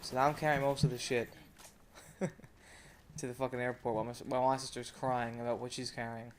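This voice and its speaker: Flat-voiced young man ranting casually. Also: medium pitch, fairly quick, slight background noise. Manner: profane, rambling, frequent fillers. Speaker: vlogger. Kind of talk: casual storytelling rant.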